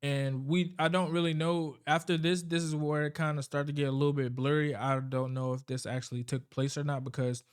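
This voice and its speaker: A man with a slightly raised, smooth and clear voice rambles through a movie's plot in a loose, casual way. He swears constantly and loses track of his own story. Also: a little high, little pitch movement, brisk, few pauses. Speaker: vlogger recapping a movie.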